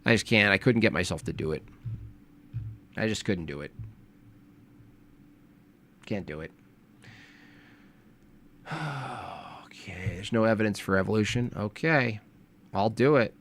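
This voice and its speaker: A man's voice: on the low side, a little slow, pauses often, fairly bright tone, a little hiss or hum. A man giving sarcastic, mocking casual commentary as a vlogger. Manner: sarcastic, mocking, with acted back-and-forth quotes.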